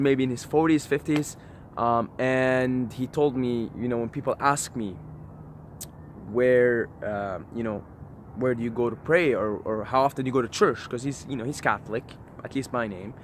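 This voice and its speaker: A man speaks to his camera outdoors near a forest, his voice mid-pitched and ordinary. He talks emphatically in a preachy way, swearing and repeating phrases. Faint traffic noise hums in the background. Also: a bit bright. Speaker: vlogger. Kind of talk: impassioned outdoor monologue.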